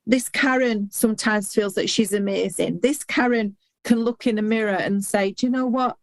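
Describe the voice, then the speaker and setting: A woman's voice: mid-range voice, no echo. Earnest middle-aged woman, dry close sound. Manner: earnest and heartfelt, halting restarts. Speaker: guest, intuitive healer and hypnotherapist. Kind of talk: candid podcast conversation.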